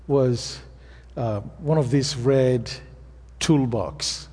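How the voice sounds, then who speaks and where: A man's voice: mid-range voice, slow, dark tone. A man with an African accent, a pastor preaching a sermon and telling stories in a plain, earnest way. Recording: long reverb of a hall.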